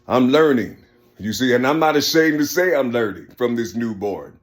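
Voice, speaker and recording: A man delivering a rambling personal monologue. He keeps repeating "you see," stumbles and restarts, and swings from low murmurs to raised, emphatic bursts. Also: lively intonation, moderate pace.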